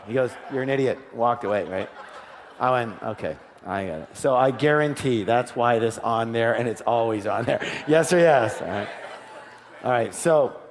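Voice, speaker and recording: Animated male seminar speaker in a reverberant hall. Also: medium pitch. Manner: animated storytelling, acts out dialogue, asks the audience. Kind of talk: live motivational seminar talk.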